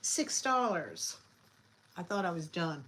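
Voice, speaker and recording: A woman hosting a live online sale, chatty and scattered, often pausing with fillers as she shows each item. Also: fairly low pitch, sing-song, fairly bright tone, poor audio. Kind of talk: casual live selling chat.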